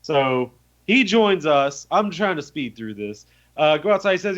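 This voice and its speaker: A young man co-hosting a podcast, retelling a tabletop game in animated, profane storytelling with lots of fillers. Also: fairly high pitch, measured pace. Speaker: podcast co-host. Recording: muffled lo-fi audio.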